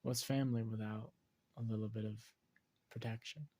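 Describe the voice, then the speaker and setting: A man's voice: on the low side, fairly even intonation, normal speed, a little mellow, lightly acted. A man voicing an earnest young male ninja in a fan story. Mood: sincere.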